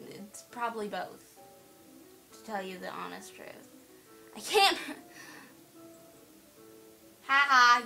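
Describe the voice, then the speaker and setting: Slow-talking bright-voiced woman gaming. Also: fairly high pitch, rough recording. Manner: playful, teasing, giggly banter. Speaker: gamer playing a horror game. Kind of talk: let's play commentary. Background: faint game music.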